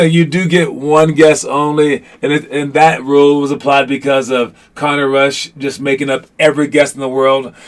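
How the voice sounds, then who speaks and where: Joking, teasing male podcast host. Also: fairly high pitch. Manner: joking, teasing, excitable with many restarts. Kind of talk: casual live-stream chat.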